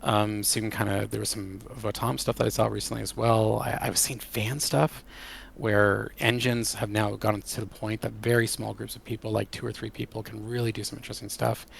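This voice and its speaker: A man with a lowish, rough and gravelly voice answers interview questions about his work. He talks with eager, animated enthusiasm. The tone stays casual and conversational. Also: a little fast, a little hiss or hum. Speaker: game creative director.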